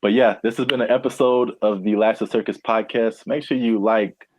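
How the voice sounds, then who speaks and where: A man's voice: fairly low pitch, fairly even intonation, normal speed, a little mellow, a little hiss or hum, low-quality recording. A man hosting a podcast, chatting casually and often laughing. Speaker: podcast host. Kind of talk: casual chat.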